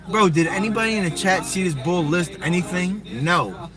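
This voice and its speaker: High-voiced man ranting angrily over hip hop. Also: moderate pace. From Philadelphia area, USA. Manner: angry, profane, confrontational, talks straight at the viewer. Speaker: livestreamer. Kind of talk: heated livestream rant. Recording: hip hop music playing behind. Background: hip hop music.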